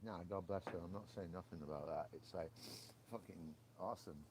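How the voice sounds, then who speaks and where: A man from Britain, hosting a casual livestream chat, laughing often and swearing in excitable outbursts. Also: low-pitched, brisk, background noise. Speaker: livestream host. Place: porch, outdoors.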